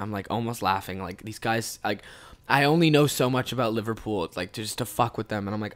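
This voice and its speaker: A man's voice: on the high side, lively intonation, quick pace, fairly bright tone, smooth. A young man from Ontario, a podcast host, telling rambling, profane stories in a casual way and laughing often. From Ontario, Canada. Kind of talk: casual storytelling.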